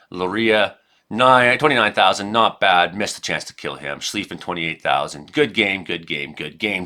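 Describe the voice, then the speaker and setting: A man from Canada talks casually over his own gameplay, wandering between stories and sudden excited outbursts. His voice sits low but carries a bright, forceful edge. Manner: rambling, excitable, reacts loudly to hits. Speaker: gaming streamer and weather forecaster.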